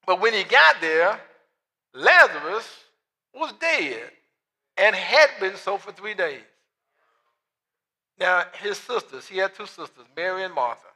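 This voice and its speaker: A male pastor preaching with a high, bright, ringing voice. He tells the story in a lively way, drops to soft asides for the dialogue and climbs to fervent shouts. The sound carries a long reverb, as in a big church hall. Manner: storytelling preacher, acts out the Bible dialogue in quiet asides, then builds to shouts. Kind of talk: sermon.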